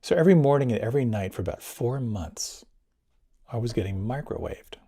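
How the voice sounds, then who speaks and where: An older man, a meditation teacher, recounting his experiences in a reflective storytelling talk, swinging between near whispers and lively bursts. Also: mid-range voice, fairly quick. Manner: animated, drops to near whispers and rises again.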